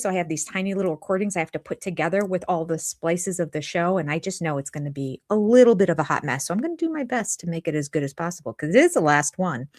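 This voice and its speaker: An older woman hosting a live chat from her home, rambling and jumping between topics. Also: fairly low pitch. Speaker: channel host. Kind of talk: live chat reviewing a reality show. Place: home room.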